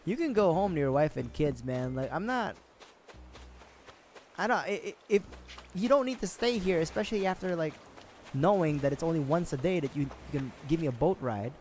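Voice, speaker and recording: Lively, rambling male streamer. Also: fairly high pitch, brisk, slight background noise. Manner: rambling, joking, swears freely, laughs at himself. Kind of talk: casual gaming livestream chat.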